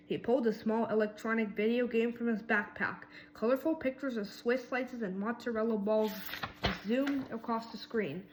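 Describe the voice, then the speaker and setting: Woman reading a kids' story aloud, slightly high voice, lively, in a roomy space. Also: moderate pace. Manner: lively, voices each mouse character. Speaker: reader.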